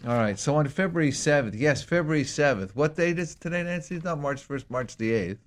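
Rambling excitable male co-host. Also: a little high, fairly quick. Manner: rambling, excitable, repeats words. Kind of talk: casual chat show talk.

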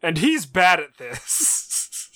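A man's voice: high-pitched, huge pitch swings, very slow, sharp tone. A man co-hosting a podcast, chatting in a playful, teasing way. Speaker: podcast co-host. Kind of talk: casual banter.

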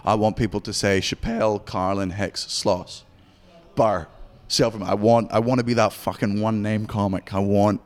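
A Scottish man in his thirties, a stand-up comedian in interview who talks in a profane, rapid storytelling way. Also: fairly low pitch, fairly even intonation, in a large hall. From Scotland. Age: 30s. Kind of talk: candid interview chat.

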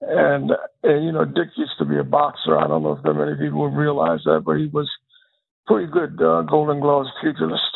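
Gravelly older man on a phone line. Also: a little high, animated, brisk. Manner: reflective storyteller who repeats words and restarts phrases. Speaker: guest, former district attorney. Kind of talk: storytelling interview. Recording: tinny phone-line sound.

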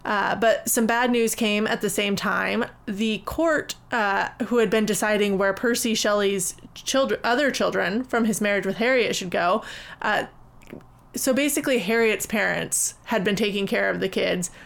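A woman co-hosting a podcast, recounting a history casually. Her voice has a gravelly fry to it, and she slips in wry, dry jokes. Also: mid-range voice, normal speed, fairly bright tone. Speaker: podcast co-host telling a history. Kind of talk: casual storytelling chat.

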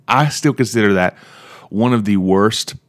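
Rambling low-voiced man musing aloud. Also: slow. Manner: rambling, self-interrupting, animated about movies. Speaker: podcast host. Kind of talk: casual solo monologue.

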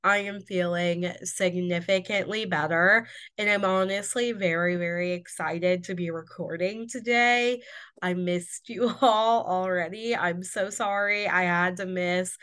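A woman's voice: fairly low pitch, steady tone, unhurried, a bit bright, smooth. A woman in her twenties from Indiana hosting a casual solo podcast, bubbly and candid, still a little congested from being sick. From Indiana, USA. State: recovering from illness, slightly congested. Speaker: podcast host.

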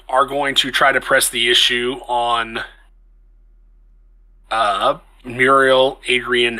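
A man narrating combat as game master of a tabletop game, in a lively, conversational way with frequent restarts. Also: mid-range voice, poor audio.

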